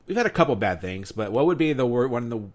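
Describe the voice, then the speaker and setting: A man's voice: medium pitch, sing-song, quick pace. A man hosting a casual movie review chat, rambling with many fillers and restarts as he asks questions. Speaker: podcast host.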